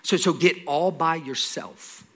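A man preaching a sermon, telling a scripture story with lively acted-out dialogue, repeating words and dropping into soft asides. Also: fairly high pitch, unhurried. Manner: animated storytelling, acts out dialogue. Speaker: pastor.

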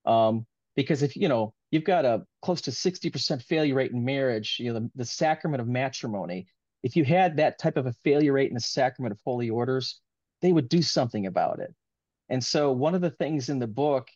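A man's voice: mid-range voice, darkish tone, no room sound, dull audio. A man being interviewed as an author, talking in an earnest, rambling, heartfelt way in casual conversation.

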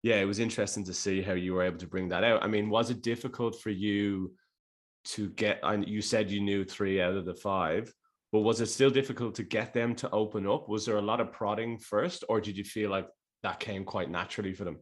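A man's voice: lowish voice, steady tone, brisk. A man hosting an interview, asking probing questions with frequent restarts and hesitations. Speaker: interview host. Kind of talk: interview conversation.

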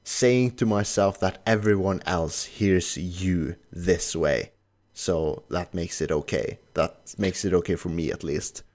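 A Norwegian man with a deep, low-pitched voice hosts a casual English-language podcast. He is a native Norwegian speaker who explains things at an unhurried pace, padding his thoughts with fillers. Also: a little mellow. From Norway. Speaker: podcast host and editor.

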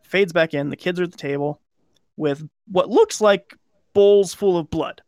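Rambling podcast man, fairly high voice. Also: measured pace, darkish tone, no echo. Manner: rambling, lots of "like" and restarts, acts out quoted lines. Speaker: podcast co-host. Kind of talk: casual chat, retelling a film plot.

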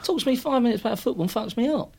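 Husky man swearing through a tale. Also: very high-pitched, rapid-fire. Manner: animated, swearing storyteller. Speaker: podcast host, former footballer. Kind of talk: casual chat.

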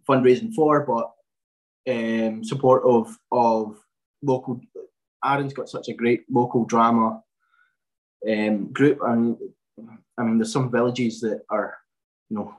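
A man's voice: medium pitch, poor audio. A young man in his twenties, a podcast guest chatting casually, with many fillers and restarts. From Scotland. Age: 20s. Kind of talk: casual chat.

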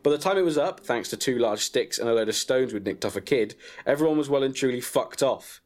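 Brief: male comic storyteller, lively up-and-down delivery, deadpan, faint music behind. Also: mid-range voice, a little fast. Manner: deadpan, crude, breaks into laughter. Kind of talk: comic reading of a personal story.

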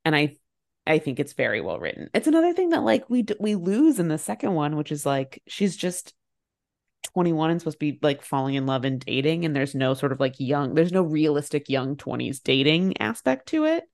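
A woman co-hosting a casual movie podcast chat, animated, laughing often and swearing freely. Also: low-pitched, a little fast, creaky. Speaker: podcast co-host.

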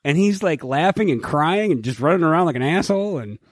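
A man co-hosting a casual podcast, telling stories in an animated, profane way. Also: fairly high pitch, brisk, no room sound, studio quality.

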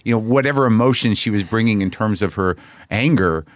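A man interviewing a guest, speaking in a halting, searching way with many restarts. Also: fairly low pitch, no echo. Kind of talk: conversational interview.

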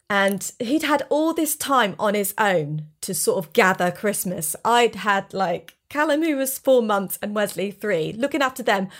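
Woman guest, mid register, animated candid storyteller. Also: medium pitch. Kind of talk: casual chat, storytelling.

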